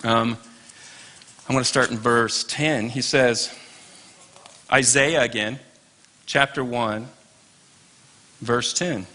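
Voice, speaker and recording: A man's voice: medium pitch, takes it slowly, pauses often, bright, forceful tone. A man teaching an informal Bible class, chatty and wry, tossing asides to his listeners.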